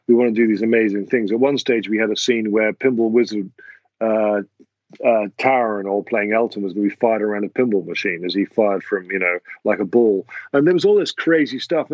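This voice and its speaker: An English man, a music producer, answering interview questions in a halting way with many restarts. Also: lowish voice, no echo, lo-fi sound. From England. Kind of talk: casual interview talk.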